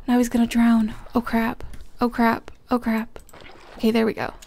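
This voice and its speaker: A bubbly young woman hosting a casual gameplay session, chatting along as she plays. Her voice sits a little high, and she coaxes the game characters while breaking into sudden excited squeals. She talks close to a desk microphone. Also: normal speed, creaky. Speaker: gaming host. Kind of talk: casual let's-play commentary.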